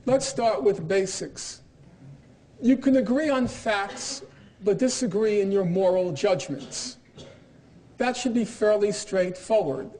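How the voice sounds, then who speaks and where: A man's voice: high-pitched, slow pace, warm tone. A middle-aged man giving a university lecture in an emphatic, argumentative way, with pointed irony. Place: lecture hall.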